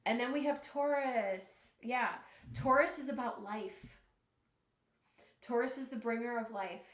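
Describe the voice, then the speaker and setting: A woman giving a live tarot reading, earnest and emotional, often halting and restarting. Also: a little high, echoey room. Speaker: tarot reader.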